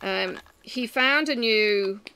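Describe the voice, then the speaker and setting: A woman chatting to her camera, animated and self-mocking as she tells stories at home. Her voice has a bright, forward tone with a gravelly fry at the ends of phrases. She jumps between asides and punchlines. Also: on the high side, takes it slowly, a little hiss or hum. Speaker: vlogger. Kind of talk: casual chat to camera.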